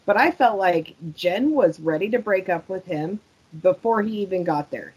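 A woman's voice: medium pitch, expressive, normal speed, darkish tone, breathy edge, low-quality recording. A woman cohosting a podcast, giving her earnest, thoughtful take in casual chat. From United States. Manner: earnest, thoughtful, frequent agreeing replies.

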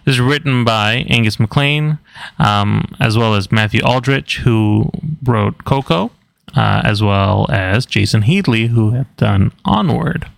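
A man's voice: medium pitch, vocal fry, no echo. A man co-hosting a movie podcast, reading a film's details in a matter-of-fact way. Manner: matter-of-fact, reads credits briskly. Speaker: podcast co-host. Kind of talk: casual movie review chat, reading a synopsis.

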